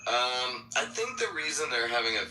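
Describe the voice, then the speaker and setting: A man's voice: medium pitch, sing-song, moderate pace, bright, forceful tone. A man co-hosting a podcast in casual chat, swearing casually and laughing often. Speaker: podcast co-host. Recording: roomy echo, faint noise.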